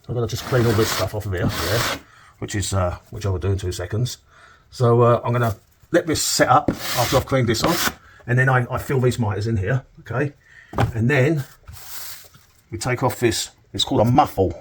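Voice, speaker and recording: A middle-aged man with a mid-range voice, a plasterer, gives a chatty, joking on-the-job demonstration of cornice work, checking in with "okay?" as he goes. He's in an indoor room on a work site, and the recording carries a little hiss or hum.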